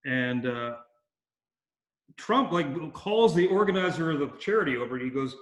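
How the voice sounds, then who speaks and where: A man's voice: mid-range voice, brisk, echoey room. A man being interviewed, casually telling long anecdotes with many fillers and restarts. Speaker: interview guest. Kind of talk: casual storytelling.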